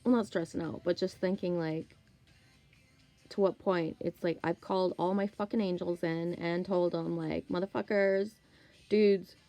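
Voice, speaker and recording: Woman, forties, rambling and swearing freely, mellow low voice, faint music underneath. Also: steady tone, moderate pace, low-quality recording. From Canada. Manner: profane, rambling, candid. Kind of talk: casual monologue.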